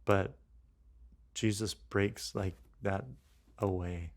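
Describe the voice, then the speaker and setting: A low-pitched man with a gravelly, fry-touched voice co-hosts a casual faith podcast. He speaks slowly and thinks aloud, circling back and restarting his sentences as he reflects. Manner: thinks aloud with many restarts and fillers, animated when acting out quotes. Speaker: podcast co-host.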